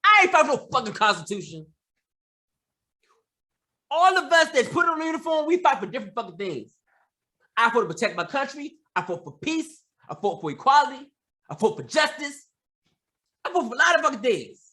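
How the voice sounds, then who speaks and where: A man delivering an angry, profane opinion rant, repeating himself and breaking into shouts. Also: extremely high pitch, sing-song, brisk, long pauses. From United States. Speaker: commentator.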